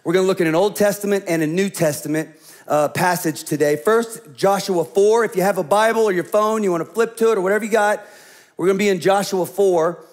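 High-voiced man preaching an animated sermon. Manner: animated storytelling that drops to hushed, slow emphasis. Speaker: senior pastor.

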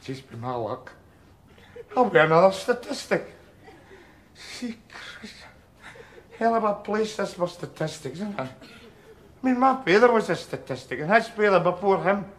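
A man's voice: high-pitched, very animated, normal speed, long pauses. A man with a Glaswegian accent, playing a scruffy, sardonic middle-aged man in a jail cell who rambles and stammers through restarts. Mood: sardonic rant. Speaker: sitcom lead. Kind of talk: sitcom monologue.

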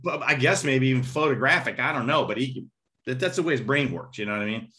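A man's voice: medium pitch, quick pace. A man, a guest drummer and percussionist, telling stories in a casual interview, vocalizing rhythms and acting out what people said. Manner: animated, vocalizes rhythms and acts out quotes.

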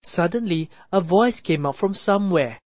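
A woman narrating a children's counting story for a math lesson, reading in a clear, deliberate and expressive way. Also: lowish voice, dry recording. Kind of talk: slow read-aloud children's story narration.

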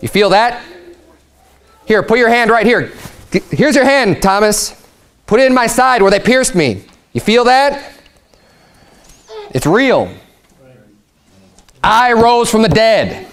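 A male preacher voicing the risen Jesus as an earnest, coaxing man who speaks slowly. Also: very high voice, lively intonation, fairly bright tone, voice pushed up, full character voice. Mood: reassuring.

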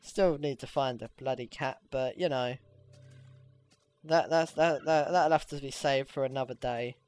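A gamer giving casual, excitable gameplay commentary, swearing freely and squealing when things go well. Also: medium pitch, unhurried. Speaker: let's play gamer.

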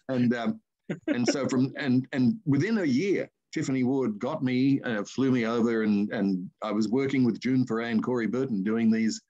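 With a medium pitch and moderate pace, an older Australian voice artist tells wandering stories in a casual interview, adding lively asides. The audio has its highs cut off.

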